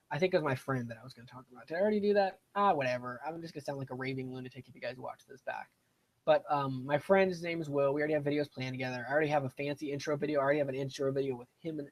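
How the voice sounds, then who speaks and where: A young man chatting casually during a live game stream, rambling and self-deprecating as he plays. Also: on the high side. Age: young adult. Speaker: gaming streamer. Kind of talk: casual live-stream commentary while playing.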